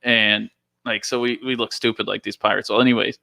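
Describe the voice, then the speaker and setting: A man with a rough, gravelly edge and a bright, forward tone, hosting a relaxed podcast conversation. He jokes around and breaks into laughter often. The sound is dry and close. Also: fairly low pitch, a little fast, no echo. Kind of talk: casual chat.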